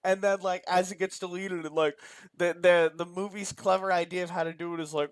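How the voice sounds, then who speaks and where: High-voiced dude swearing and venting about a lazy movie, dry close mic. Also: male voice, moderate pace, no echo. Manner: exasperated, profane, emphatic ranting. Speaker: podcast co-host. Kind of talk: casual movie-review chat.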